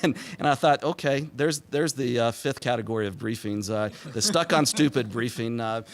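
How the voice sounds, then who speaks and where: A man's voice: medium pitch, normal speed. A man in his forties speaking at a symposium, telling stories with many fillers and laughing at his own jokes. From Texas. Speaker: symposium speaker, former press secretary. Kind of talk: public talk with anecdotes.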